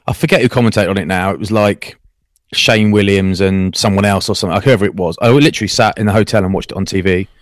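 Teasing man, low voice. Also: fast, dry recording, studio quality. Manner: teasing, chatty, animated storyteller. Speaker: co-host, rugby commentator. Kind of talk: casual podcast banter.

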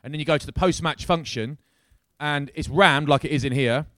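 A man telling a lively anecdote as a guest at a live show, swearing freely and acting out the people in his story. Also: on the high side, fairly quick, no room sound. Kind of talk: animated storytelling. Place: crowded live-show venue.

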